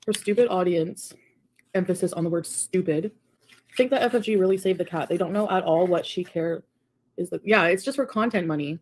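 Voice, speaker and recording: A woman's voice: fairly low pitch, brisk, a little mellow, husky. A woman talking casually to camera in a defiant, mocking way. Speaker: video creator being reacted to.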